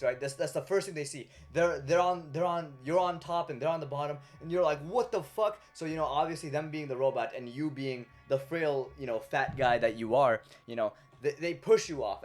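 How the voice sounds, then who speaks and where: A young man, a YouTuber, delivering a crude, rambling comedic monologue full of stumbling repetitions. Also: mid-range voice.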